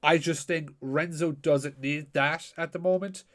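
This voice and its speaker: A man co-hosting a casual wrestling podcast, animated and sweary with plenty of fillers. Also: on the high side, a little slow. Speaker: podcast co-host. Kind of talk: casual chat.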